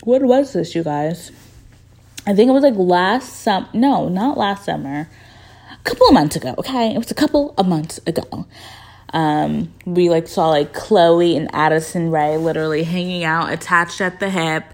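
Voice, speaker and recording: Chatty gossiping woman podcaster, lower voice. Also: animated, normal speed. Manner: chatty, gossipy, full of "like" fillers. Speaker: podcast host. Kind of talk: casual chat.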